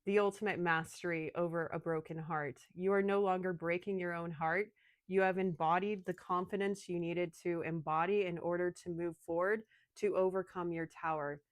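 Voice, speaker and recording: A woman giving an emotional, excitable channeled tarot reading, speaking straight to her viewers. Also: fairly low pitch, moderate pace, dry recording. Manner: emotional, excitable, addresses listeners as darling. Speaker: tarot reader.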